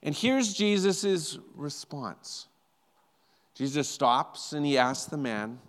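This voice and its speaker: Speaking slowly in a fairly high voice, a male pastor tells his sermon like an animated, conversational story, frequently repeating words. The sound carries the feel of a big room.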